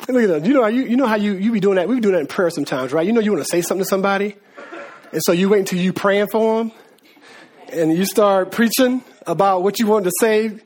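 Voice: mid-range voice, fast talker, a little mellow. A preacher delivering a sermon in casual, slangy talk, repeating words and laughing as asides.

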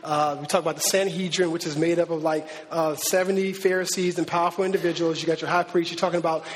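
A man preaching a casual, animated sermon as pastor, with many fillers and restarts. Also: on the high side, fast talker. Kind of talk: conversational sermon. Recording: long hall reverb.

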